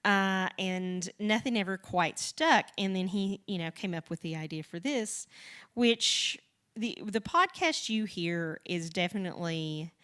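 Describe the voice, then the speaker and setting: A woman's voice: mid-range voice, expressive, a little slow, fairly bright tone, clean tone. A woman from the Southern United States, a podcast co-creator, talking as an interview guest in a rambling, chatty way, with frequent restarts and light laughs. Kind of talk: casual conversational interview.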